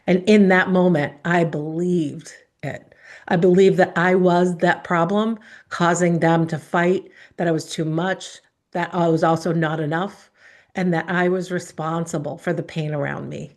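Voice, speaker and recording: A woman giving an earnest, emotional speech built around her own life story, with dramatic pauses. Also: on the low side. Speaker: speaker.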